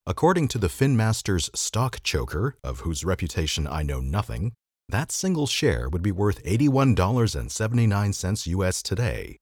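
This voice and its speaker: Man, podcast host, very deep voice, lively pitch, wry reading. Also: normal speed, breathy edge, no echo, clean studio sound. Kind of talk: reading an old magazine article aloud.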